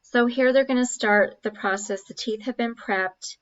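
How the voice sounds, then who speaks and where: A woman's voice: a little high, moderate pace, lo-fi sound. A woman narrating a dental procedure video as an instructor, explaining steps with frequent fillers.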